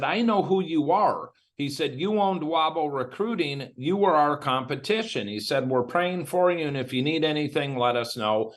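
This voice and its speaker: A man from Illinois, a guest in an interview, telling his story in a candid, animated way and acting out what others said. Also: medium pitch. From Illinois, USA.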